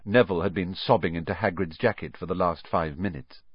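A man narrating a storybook in a highly expressive way, with a dull, dry recording. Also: fairly quick, slightly rough, dry recording. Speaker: audiobook narrator.

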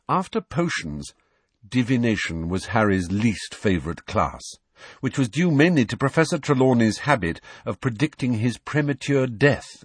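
Expressive male audiobook narrator, husky and dry. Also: fairly low pitch, no room sound. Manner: expressive reading. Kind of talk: storybook narration.

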